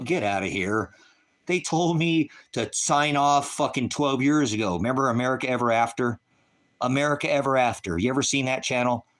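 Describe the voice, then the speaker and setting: A man's voice: mid-range voice, a bit bright. A man on a ranch ranting angrily on a livestream, profane and taunting. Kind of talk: angry livestream rant.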